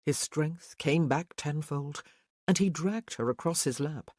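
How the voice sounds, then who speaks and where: A woman reads a historical romance audiobook in a steady, even storytelling voice. Her voice sits a little low for a woman. The recording is close and dry, with no room sound. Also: a little slow, dry recording. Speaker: audiobook narrator. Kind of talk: scripted romance narration.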